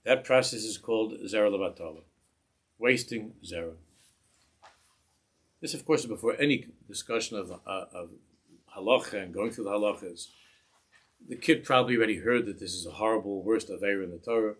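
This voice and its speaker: Husky low-voiced man teaching. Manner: measured, repeats phrases while searching for words. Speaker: religious teacher. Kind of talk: instructional talk to parents.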